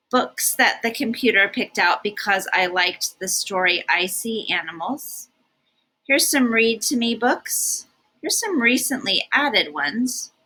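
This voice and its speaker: Breathy, animated woman reading a storybook. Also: medium pitch, poor audio. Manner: animated and expressive. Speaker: storybook reader. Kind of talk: reading a picture book aloud.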